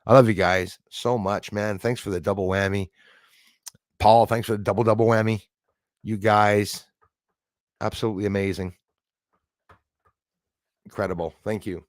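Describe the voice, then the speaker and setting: A middle-aged man hosting a casual live stream, excitable, thanking viewers by name and swearing when angry. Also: lowish voice, normal speed, long pauses, dry recording, clean studio sound.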